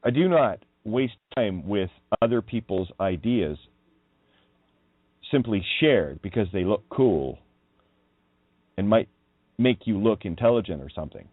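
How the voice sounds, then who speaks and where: Low, lively man on a tinny line. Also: a little slow, long pauses, no echo. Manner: wandering, emphatic, swears when riled. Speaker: radio show host. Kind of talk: rambling monologue on word meanings.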